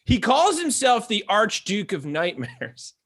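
A man co-hosting a casual movie review chat, excitable, swearing freely and laughing often. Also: high voice, measured pace, breathy edge. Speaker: podcast co-host.

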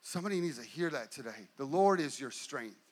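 A middle-aged male pastor delivering a sermon, building intensity through repeated phrases and slowing down for emphasis. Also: medium pitch, expressive. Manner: preaching with rising and falling intensity, repetitive emphasis.

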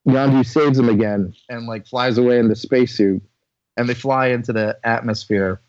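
A man co-hosting a casual podcast chat, recapping a movie in an animated, swearing, filler-heavy way. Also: medium pitch, normal speed, no room sound, muffled recording. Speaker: podcast co-host.

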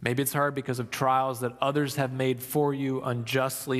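A pastor giving an Easter sermon, reflective and storytelling, dropping soft for emphasis. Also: male voice, mid-range voice, level tone, in a large hall. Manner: slow, reflective, dramatic pauses, soft for emphasis.

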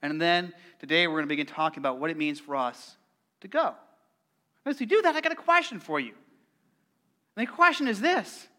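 A middle-aged man preaching a lively, playful sermon and asking the congregation questions. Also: on the high side, a little fast, pauses often. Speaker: pastor.

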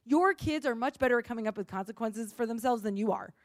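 A woman pastor giving a sermon in an earnest, expressive way, acting out the lines she quotes. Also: fairly high pitch, fast, no echo, studio quality.

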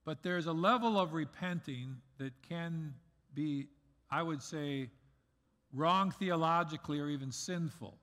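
A middle-aged man preaching a sermon as pastor, earnest, swinging between loud emphasis and soft asides. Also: a little high. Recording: long reverb of a large hall.

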